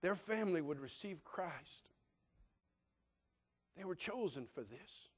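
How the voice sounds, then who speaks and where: Older male pastor, church sermon, fairly high voice, chatty and joking. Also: slow pace, slightly rough. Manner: animated, joking, conversational preaching.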